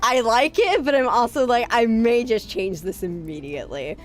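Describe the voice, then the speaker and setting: A woman's voice: fairly high pitch, animated, moderate pace. A young adult woman streaming, chatting casually in a rambling way with lots of fillers and self-deprecating laughs. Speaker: VTuber streamer. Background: faint music.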